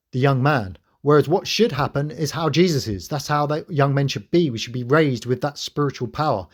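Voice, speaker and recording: A man speaks straight to his viewers in an earnest, preachy spiritual monologue. His voice sits at an ordinary middle pitch, and he sounds like a host talking to camera about faith. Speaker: channel host.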